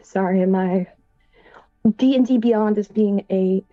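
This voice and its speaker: A woman's voice: medium pitch, takes it slowly, dark tone, dry recording, highs cut off, faint music behind. A woman playing a tabletop game, hesitant and full of ums, with chatty asides. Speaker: player. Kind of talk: casual tabletop game play.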